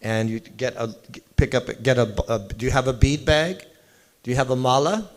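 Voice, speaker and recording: In a temple hall with slight background noise, a visiting man speaks at a moderate pace in a mid-range voice. His devotional talk is informal, and he chats with the listeners and asks them questions directly.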